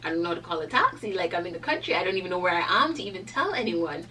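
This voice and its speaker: A woman's voice: on the low side, racing, a little hiss or hum. Chatty young woman, slightly distant mic. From Cayman Islands. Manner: animated, chatty, lots of "like" fillers. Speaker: vlogger. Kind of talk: casual storytime.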